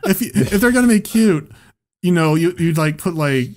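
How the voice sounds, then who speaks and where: A man telling a story on a podcast, swearing freely and animated throughout. His voice sits a little high and swings widely in pitch as he builds each beat. It sounds relaxed and conversational. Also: moderate pace. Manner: animated, profane, laughing storyteller. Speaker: podcast host. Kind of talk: casual storytelling chat.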